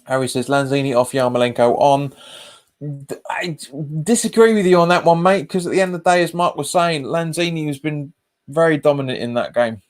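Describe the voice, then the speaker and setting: Talking fast in a slightly high voice, this man hosts a live football watch-along for his fan channel, filmed on a webcam. He chats casually with viewers, calls them "mate" a lot, and reacts both to the match and to comments in the live chat.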